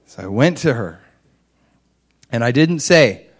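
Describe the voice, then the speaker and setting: A man's voice: lively intonation, unhurried, slightly rough. A middle-aged man pastor giving a sermon in an easy, conversational manner, telling a personal story and lifting his voice for emphasis. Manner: rises in pitch and loudness for emphasis.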